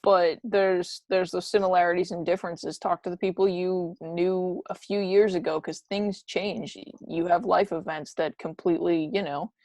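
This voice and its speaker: A woman's voice: fairly low pitch, fairly even intonation, normal speed, few pauses, a little mellow, no echo. A woman co-hosting a casual podcast chat, talking in an earnest, encouraging way. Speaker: podcast co-host.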